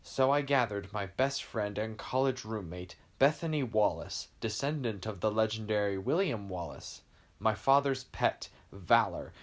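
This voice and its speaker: Guy reading a storybook intro in first person, lowish voice, calm.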